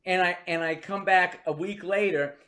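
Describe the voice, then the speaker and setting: A man's voice: sits high, fairly even intonation, normal speed, fairly bright tone. An older man from New Jersey, a veteran comedian telling wry, rambling stories as a podcast guest. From New Jersey, US East Coast. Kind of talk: storytelling in a podcast interview.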